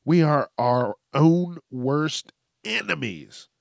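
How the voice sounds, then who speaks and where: A male podcast host riffing alone at the microphone in an unhurried, drawn-out way, cursing freely and laughing at his own jokes. His mid-pitched voice sounds close and dry. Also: big pitch swings, vocal fry, no echo. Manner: profane, joking, laughs often. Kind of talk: solo podcast monologue.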